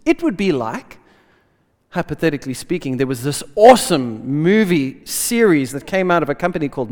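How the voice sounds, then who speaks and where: A man preaching a lively sermon in casual slang, swinging between loud bursts and hushed asides. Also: sits high, creaky. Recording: long hall reverb.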